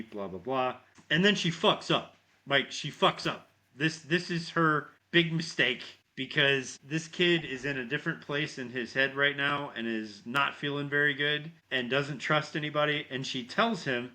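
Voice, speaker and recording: A man co-hosts a podcast and retells a horror film scene by scene, swearing freely and acting out the characters' lines. His voice is bright and forceful at a middling pitch. He keeps it loose and conversational, like talking with a friend. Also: normal speed, few pauses. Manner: animated storyteller, heavy swearing, acts out lines. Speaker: podcast co-host. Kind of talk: casual movie recap chat.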